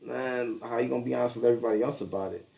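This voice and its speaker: A man's voice: mid-range voice, fairly even intonation, racing, gravelly, mellow. A man co-hosting a podcast in casual chat, rambling and swearing, often laughing. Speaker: podcast co-host. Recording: distant mic.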